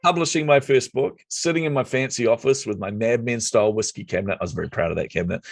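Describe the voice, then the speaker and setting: A middle-aged man, a podcast guest telling his story with lively acted-out dialogue. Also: mid-range voice, quick pace, creaky, hardly any pauses, no echo, studio quality. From New Zealand. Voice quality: lively storyteller who acts out quoted dialogue. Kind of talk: casual storytelling interview.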